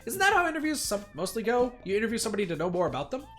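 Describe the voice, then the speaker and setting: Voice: medium pitch, big pitch swings, rapid-fire, a bit bright, soft background music. Chatty streamer reading a game aloud. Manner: chatty asides, self-mocking. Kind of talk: reading a visual novel aloud with commentary.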